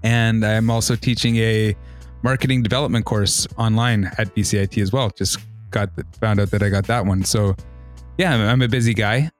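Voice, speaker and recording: A man with a fairly low voice, talking casually as a podcast guest. He sounds relaxed and upbeat and laughs easily, with faint music underneath. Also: moderate pace. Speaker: podcast guest, trades instructor.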